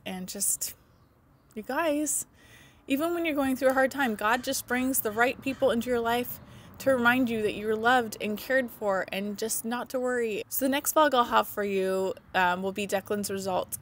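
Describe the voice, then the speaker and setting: A woman in her thirties, a mother vlogging to camera, talking in a heartfelt way, close to tears and laughing through her nerves. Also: medium pitch. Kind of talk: emotional casual vlog to camera.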